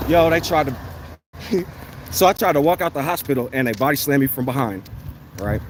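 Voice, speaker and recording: Guy vlogging outside, casual and animated, swears a lot, acts out what people said, a bit of traffic noise. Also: medium pitch, moderate pace, pauses often. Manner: animated, swearing, storytelling with quoted exchanges. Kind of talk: casual monologue.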